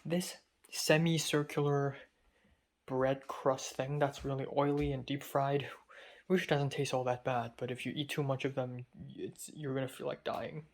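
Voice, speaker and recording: Slow, hesitant young man, rambling. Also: medium pitch, steady tone. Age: young adult. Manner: rambling and hesitant, full of fillers. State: feverish and dizzy. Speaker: college student. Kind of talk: casual spoken diary.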